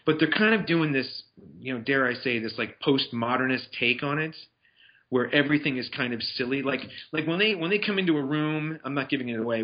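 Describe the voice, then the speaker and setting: A man talking casually about films he has seen, rambling with restarts and fillers. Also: mid-range voice. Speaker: film reviewer. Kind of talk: casual movie review chat. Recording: dull lo-fi sound.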